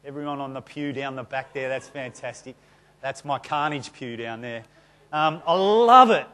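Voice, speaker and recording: A man preaching to a church congregation. He talks in a loose, conversational way, full of self-deprecating stories. His delivery stays lively and chatty rather than formal. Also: fairly high pitch. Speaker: pastor. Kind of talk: sermon.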